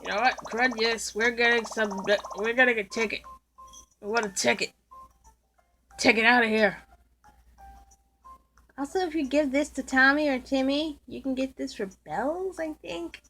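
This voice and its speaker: A woman's voice: a little high, normal speed, long pauses, pushed and bright. A woman casually commenting while she plays a video game, teasing and joking about the game's characters. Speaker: gameplay video host. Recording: game music playing clearly underneath. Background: game music.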